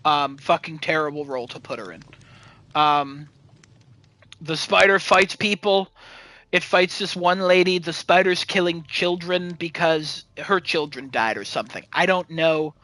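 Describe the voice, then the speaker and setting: A high-voiced man rambles through a sarcastic movie recap, full of "um"s and casual swearing. His voice is bright and sharp, and the sound is dry and close to the mic. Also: measured pace, no echo, low-quality recording. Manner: rambling, sarcastic, swears freely, many fillers. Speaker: podcast host.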